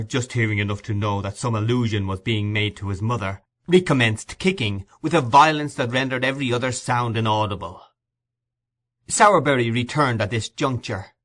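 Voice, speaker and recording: A man narrating a classic novel as an audiobook in a measured storytelling manner. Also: lowish voice, a bit bright.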